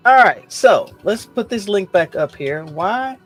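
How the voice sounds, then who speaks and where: A man hosting a livestream, hyped and exuberant, jumping from shouts to hushed asides. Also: sits high, lively intonation, a little slow, soft background music. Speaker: host. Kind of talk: energetic livestream chat.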